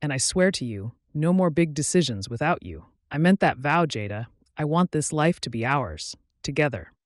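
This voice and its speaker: A man's voice: animated, moderate pace, no echo, studio quality, close to an everyday voice. A man reading an earnest young ex-athlete in love. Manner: low, earnest and tender. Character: young male ex-football player, devoted and earnest.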